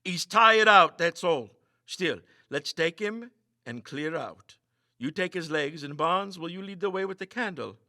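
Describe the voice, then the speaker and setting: A man doing a loud, jeering young ringleader. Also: fairly high pitch, expressive, a little slow, no room sound, studio quality, voice pushed up, exaggerated voice. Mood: urgent. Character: mocking brash young man, bold ringleader.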